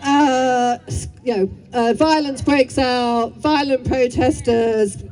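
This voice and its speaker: A woman's voice: high voice, fairly even intonation, slow, few pauses, darkish tone, soft background music. A woman speaking at an outdoor street rally, heated and rambling, breaking into chants between apologetic asides. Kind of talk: impassioned rally speech and chanting.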